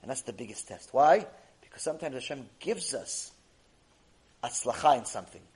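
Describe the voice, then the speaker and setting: A man's voice: medium pitch, lively intonation, normal speed, a little mellow, poor audio. A man giving a rabbinic ethics lecture, animatedly telling a story and acting out its dialogue. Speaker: rabbi teaching Jewish ethics.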